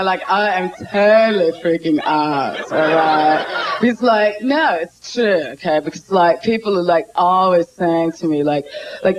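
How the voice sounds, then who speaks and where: A woman's voice: on the low side, pitched below the performer's own voice. A woman voicing a ditzy young surfer girl who talks valley-girl style, stuffed with "like" and "okay". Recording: loud crowd and noisy live tape.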